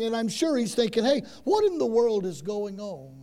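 A man preaching a sermon, retelling a story with dramatic swings from loud to hushed and frequent repeated words. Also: very high-pitched, very animated, moderate pace, few pauses.

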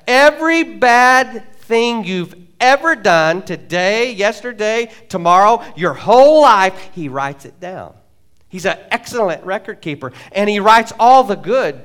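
A male pastor delivering a lively sermon from the church floor, his voice sitting high for a man. He swings between loud, excited stretches and quiet, low asides, with playful jokes and acted-out lines. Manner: animated, jokey preaching with acted-out quotes. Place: church sanctuary.

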